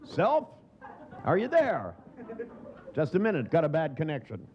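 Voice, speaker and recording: A man voicing a flustered person who talks to himself on an imaginary phone, fussy and animated. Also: measured pace, background noise. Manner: fussy, high-pitched and animated. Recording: dull lo-fi recording.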